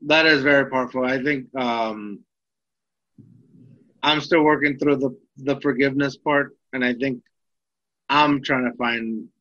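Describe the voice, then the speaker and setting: A man's voice: mid-range voice, steady tone, unhurried, pauses often, pushed and bright, lo-fi sound. A man hosting a podcast, a teacher, talking in a hesitant way and searching for his words. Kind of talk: casual podcast interview.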